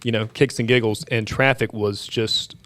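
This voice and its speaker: A man's voice: on the low side, fairly even intonation, moderate pace, a bit bright, no room sound. A male co-host on a morning radio show, chatting casually with short, dry interjections.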